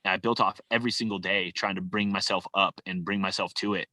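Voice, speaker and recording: A man's voice: sits low, fairly even intonation, fast, bright, forceful tone, no echo. A man from California, a podcast guest, speaking casually and from the heart, filling his talk with "like" and "man.". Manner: loose and heartfelt, full of "like" and "man". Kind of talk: casual conversation.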